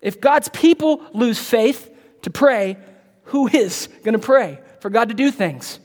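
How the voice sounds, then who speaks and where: A man preaching a sermon as pastor, emphatic and repetitive, swinging from loud, drawn-out lines to hushed, close asides. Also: very high voice, lively intonation. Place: church. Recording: church hall with long reverb.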